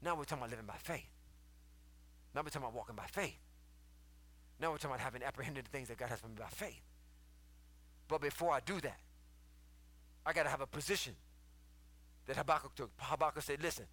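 A man preaches in a high, bright voice. He repeats his phrases in a rhythm, building up loud and high and then sinking low. The sound is close and dry. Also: quick pace, pauses often, dry recording. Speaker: preacher and podcast host. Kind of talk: sermon.

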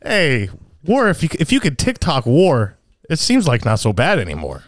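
A man's voice: mid-range voice, huge pitch swings, normal speed. A man co-hosting a podcast in casual chat, joking and telling anecdotes. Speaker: podcast co-host.

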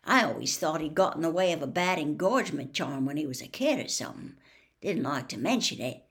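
A woman's voice: sits low, lively intonation, a little fast, a bit bright. A woman voicing an earnest teenage wizard boy who hesitates and stumbles for words. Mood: uneasy.

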